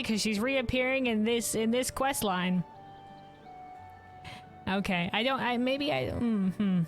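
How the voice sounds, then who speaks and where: A woman game streamer chatting casually over gameplay, laughing often and swearing freely. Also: medium pitch.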